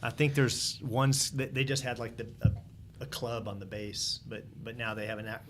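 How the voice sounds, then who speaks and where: A man of ordinary pitch reflects aloud as host, often circling back and restarting his sentences. A light noise runs under the recording. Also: steady tone, normal speed. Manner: reflective, rambling, many restarts. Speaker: podcast host. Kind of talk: casual podcast chat.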